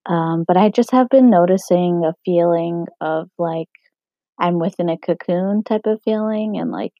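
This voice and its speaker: A young woman talking on her own podcast in a casual, rambling way, full of "um" and "like", her throat hoarse and scratchy. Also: on the low side, a little slow, dry recording. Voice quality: husky. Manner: meandering, lots of fillers like "um" and "like". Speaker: podcast host. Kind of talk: casual solo podcast talk. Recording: dry, muffled home recording.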